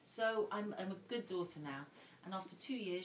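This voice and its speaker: A woman's voice: mid-range voice, lively intonation, moderate pace, few pauses, a little hiss or hum. A woman giving an earnest, emotional personal talk as an invited speaker at a dinner. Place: indoor dinner hall. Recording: roomy sound from a distant mic with faint ambience.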